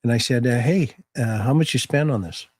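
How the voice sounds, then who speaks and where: A man's voice: medium pitch, fairly quick, breathy edge, dry recording, studio quality. A man in his sixties, a guest in casual chat, telling stories in a folksy, fatherly way. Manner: folksy, steady storyteller, fatherly.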